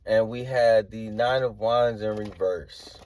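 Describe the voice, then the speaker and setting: A man's voice: on the low side, fairly even intonation, slow pace, darkish tone. A man giving a casual tarot reading, rambling and hedging with slangy filler talk. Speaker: tarot reader.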